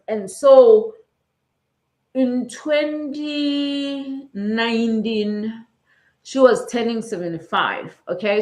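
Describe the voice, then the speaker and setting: A middle-aged South African woman talks straight to her viewers, chatty and emotional, close to tears, checking in with "okay?" as she goes. Her voice sits at an ordinary pitch for a woman. The room around her is roomy and echoey. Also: darkish tone. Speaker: vlogger. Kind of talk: casual personal storytelling. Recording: roomy echo.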